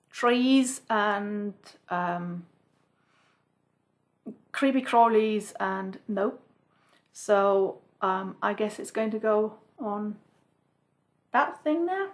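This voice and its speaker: A woman vlogger chatting casually to camera from home about her cross-stitch projects, rambling with many asides. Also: medium pitch.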